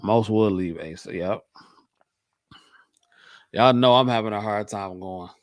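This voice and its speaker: Man from Michigan, low voice, dry close sound, easygoing livestream host who repeats himself for emphasis. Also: measured pace, dry recording. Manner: laid-back, repeats points for emphasis. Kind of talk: casual livestream chat answering viewers.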